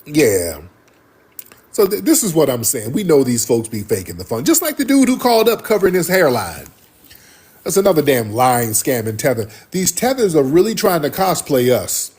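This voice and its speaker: Husky, animated man ranting on a stream. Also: fairly high pitch, normal speed. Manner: emphatic, preachy, repeats lines for effect. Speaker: live stream host. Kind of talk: heated livestream commentary.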